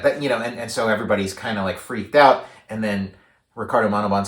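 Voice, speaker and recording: Here a man co-hosting a podcast speaks briskly in a lowish voice about a film, wandering off track with many fillers and restarts while animatedly acting out quotes. The audio echoes as if recorded in a large room.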